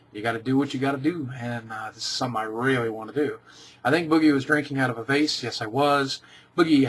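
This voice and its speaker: Man vlogger, casual Q&A, deadpan short answers, mid-pitched voice. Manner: reads questions aloud then answers dryly and briefly. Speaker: vlogger answering viewer questions.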